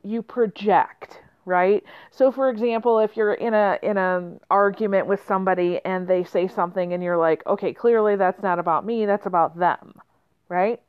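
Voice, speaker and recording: A woman's voice: mid-range voice, smooth, dry recording. A woman hosting a motivational podcast, speaking reflectively and telling a story to her listeners. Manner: reflective, with many fillers and restarts. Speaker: podcast host. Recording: slightly muffled lo-fi.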